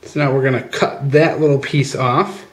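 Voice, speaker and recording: A man's voice: medium pitch, fairly even intonation, normal speed. A man hosting a casual how-to demonstration, chatty and informal, often calling viewers "guys" and using plenty of fillers, recorded outdoors. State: out of breath at times. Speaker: channel host. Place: outdoors at a workbench. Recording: echoey with faint ambient noise.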